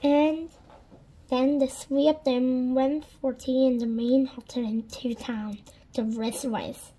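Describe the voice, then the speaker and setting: A woman reading a children's storybook aloud in a gentle, deliberate storytelling manner. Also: high-pitched, little pitch movement, breathy edge, low-quality recording. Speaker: storybook reader.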